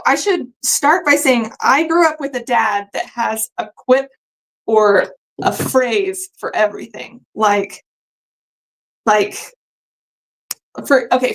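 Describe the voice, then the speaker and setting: A woman's voice: a little high, low-quality recording. A woman hosting a live quilting sewalong, chatting casually and rambling with fillers while she sews at her machine. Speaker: quilting host sewing along live. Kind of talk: casual live-stream chat while sewing.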